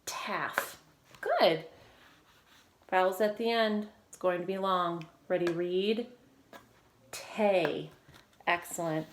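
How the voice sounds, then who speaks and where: A woman teacher leading a recorded phonics lesson, giving steady step-by-step prompts and quick praise. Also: on the low side, a little hiss or hum. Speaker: reading teacher.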